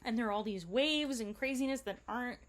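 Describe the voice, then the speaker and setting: A woman casually recounting a day of travel and snorkeling, chatty and animated, quoting people she met. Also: fairly high pitch, fairly quick, slight background noise. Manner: chatty, animated retelling with quoted dialogue and laughs. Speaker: travel vlogger.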